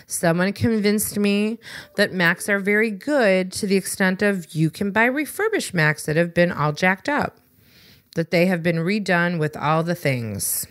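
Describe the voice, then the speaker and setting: A woman co-hosting a podcast, telling a story in a casual, animated, wry way and acting out both sides of conversations. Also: lowish voice, normal speed, no room sound, clean studio sound. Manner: exasperated, wry. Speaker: podcast co-host.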